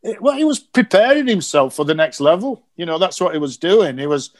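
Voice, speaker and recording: Man, middle-aged, slightly high voice, animated storyteller, casual podcast. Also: a little fast. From Yorkshire, England. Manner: animated anecdotes with acted quotes. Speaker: guest, former cricket coach.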